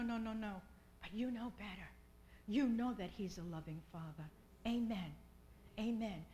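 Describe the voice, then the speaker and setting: Middle-aged woman preaching slow n fervent, repeats herself, faint hum behind. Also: fairly high pitch, poor audio. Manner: fervent, repeats phrases, drops to soft whispers in prayer. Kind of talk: sermon.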